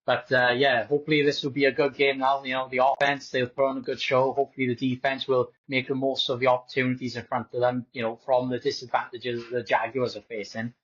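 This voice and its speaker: A man's voice: medium pitch, flat delivery, fast talker, hardly any pauses, fairly bright tone. A man, co-hosting a sports podcast, speaking in an easygoing, hesitant way with many fillers. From Wales. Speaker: podcast co-host. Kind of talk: casual sports podcast chat. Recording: dull lo-fi audio.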